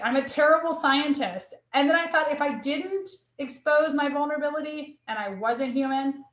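Guest spot: earnest female academic, a bit high-voiced, roomy echo on the recording. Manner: earnest, emotional, with many restarts. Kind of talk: candid personal storytelling.

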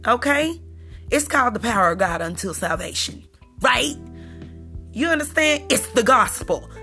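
A woman hosting a faith podcast, preaching in an animated style with many rhetorical questions, swinging between loud and hushed. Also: on the high side, normal speed, faint music behind. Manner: animated, preachy, frequent rhetorical "you understand?". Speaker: podcast host.

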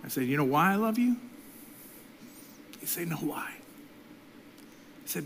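Man preaching, swinging loud to whispered. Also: fairly high pitch, lively intonation, a little slow, long pauses, slight background noise. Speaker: pastor. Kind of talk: sermon.

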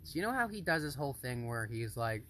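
A man's voice: medium pitch, very animated, quick pace, bright, forceful tone. A young man co-hosting a casual podcast, blunt and swearing freely, laughing often, recorded on a handheld phone. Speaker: podcast co-host. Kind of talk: casual chat. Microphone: phone held in hand. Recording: phone recording, faint noise.

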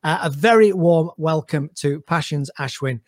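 A man's voice: fairly high pitch, moderate pace, no room sound. Upbeat male podcast host, dry sound. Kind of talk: casual interview.

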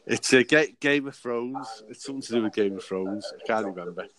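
A man's voice: lowish voice, brisk, crowd noise. A man co-hosting a casual chat, trading crude jokes and laughing often over a remote call. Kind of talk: casual banter.

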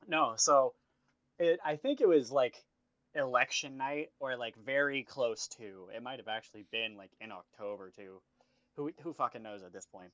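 A man's voice: mid-range voice, a bit bright, no echo. Swearing man on a dull dry mic. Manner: loose, swearing, filler-heavy. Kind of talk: casual chat.

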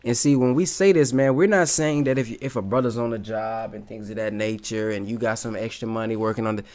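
A man's voice: fairly low pitch, fairly quick, darkish tone. A man giving casual motivational commentary on video clips, emphatic and slangy, often calling his listener "man".

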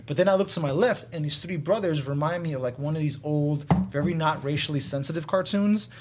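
A young man casually telling a long story among friends, animated and laid-back, with drawn-out asides. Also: fairly high pitch, very noisy. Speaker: guest storyteller.

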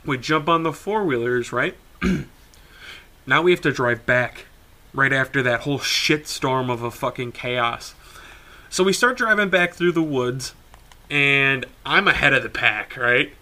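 A young man, a podcast co-host, telling a story in casual talk, animated, swearing freely and laughing as he goes. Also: medium pitch, measured pace.

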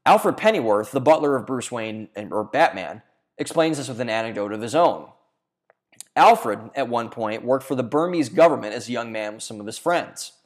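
A man's voice: mid-range voice, animated, moderate pace. Man, mid-range voice, essayist narrating from a script; earnest, casual asides, occasional restarts. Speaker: video essayist. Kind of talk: reading a scripted video essay.

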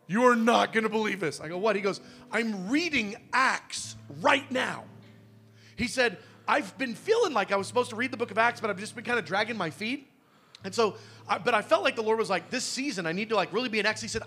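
A man preaching a sermon, telling personal stories and acting out the dialogue in them with animation. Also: high voice. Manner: animated storyteller, acts out dialogue.

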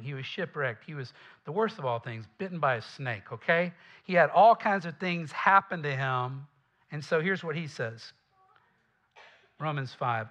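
A man from the American South with a Southern accent, preaching a lively, conversational sermon with asides to the congregation. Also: fairly high pitch, muffled recording. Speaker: pastor.

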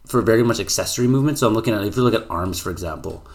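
A man who works as a personal trainer, co-hosting a casual fitness podcast and talking loosely with lots of fillers and restarts. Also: lowish voice. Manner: fast, loose talk full of "like" and restarts.

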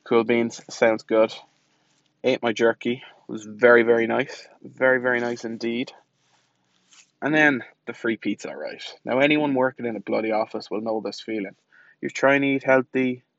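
A man's voice: medium pitch, fairly even intonation, normal speed, fairly bright tone, dry recording, dull audio. Chatty man, dry close sound. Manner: chatty, self-mocking, sweary storytelling. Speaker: podcast host. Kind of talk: casual diary-style monologue.

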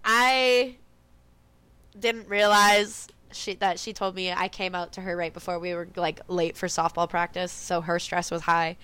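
A woman's voice: on the low side, fairly even intonation, measured pace, sharp tone, clean tone. A young woman on a remote call, casually and candidly telling a personal story, swearing freely and acting out what others said. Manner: candid, swears freely, acts out quoted voices. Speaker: podcast guest.

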